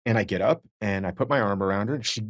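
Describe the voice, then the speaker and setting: Man, husky voice, dry close mic, casual podcast co-host, self-mocking anecdotes. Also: fairly low pitch, fast, no room sound. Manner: self-deprecating storytelling with acted-out quotes.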